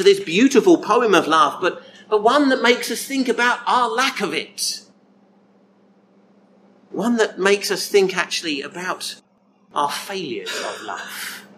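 A man preaching a sermon in a slow, reflective way, repeating phrases and asking rhetorical questions. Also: high-pitched, fairly bright tone, slight background noise, rough recording.

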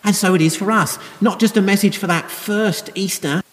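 Guy preaching gently, kinda high voice, echoey church hall sound. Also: moderate pace. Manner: gentle, conversational explaining with soft laughs. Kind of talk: sermon. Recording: long reverb of a hall.

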